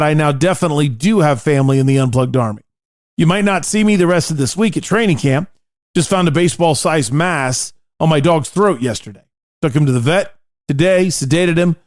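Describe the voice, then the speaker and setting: A male sports podcast host whose voice sits a little high, talking in a loose, opinionated way. He reads listener emails with jokey asides. The sound is dry and close, with almost no room around it. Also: dry recording. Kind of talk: casual sports talk, reading listener emails.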